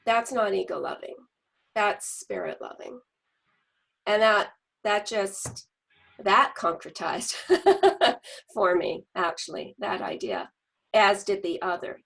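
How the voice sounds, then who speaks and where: A middle-aged woman telling a personal story in a group discussion, earnest and animated, with restarts. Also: medium pitch, measured pace, gravelly, rough recording.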